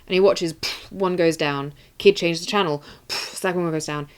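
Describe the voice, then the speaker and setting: A woman co-hosting a casual film review chat, dry and skeptical with quick retorts, on camera in a room with shelves. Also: lowish voice, fairly even intonation, smooth.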